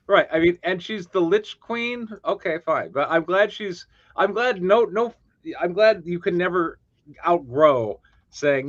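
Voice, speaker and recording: Animated man on a dull mic. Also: high voice, measured pace, dry recording. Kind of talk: casual chat about scripts.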